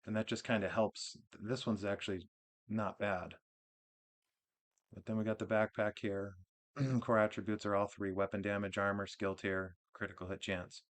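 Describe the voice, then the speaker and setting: On his gaming channel, a man at a moderate pace and with a voice on the low side tours a game build, laid-back and meandering, with frequent restarts and fillers.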